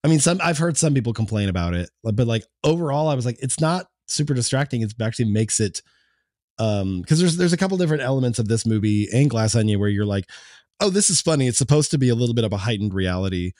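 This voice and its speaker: A man's voice: medium pitch, expressive, fast, darkish tone, dry recording, clean studio sound. A man co-hosting a film podcast, chatting casually and rambling with many fillers and restarts. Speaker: podcast co-host.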